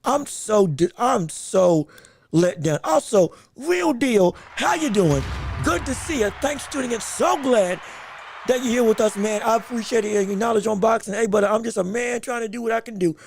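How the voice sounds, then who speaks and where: A man hosting a boxing podcast, chatting casually with his audience in an excitable, animated way, laughing often and repeating himself as he talks. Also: sits high, normal speed, creaky, soft background music. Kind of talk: casual live-stream chat.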